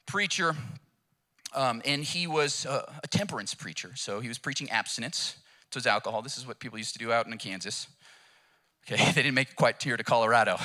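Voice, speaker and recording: A male pastor delivering a sermon, telling stories in an animated, emphatic way. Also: mid-range voice.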